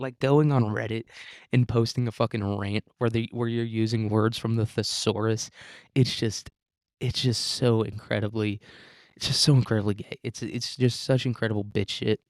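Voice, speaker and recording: Low-voiced man ranting on a podcast. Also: a little mellow, dry recording, studio quality. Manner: rambling, profane, self-mocking, laughs often. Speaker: podcast host. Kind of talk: casual solo podcast monologue.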